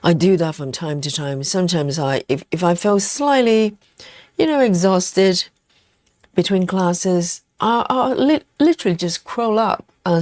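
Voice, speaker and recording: A woman hosting a relaxed live cross-stitch stream, chatting casually with viewers as she stitches. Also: lowish voice, gravelly, dry recording. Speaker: host of a cross-stitch livestream. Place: at home in the evening.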